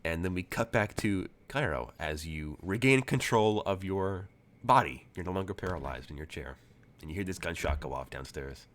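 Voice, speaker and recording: A man's voice: low-pitched, expressive, normal speed. A man narrating as game master, rambling with many fillers and restarts.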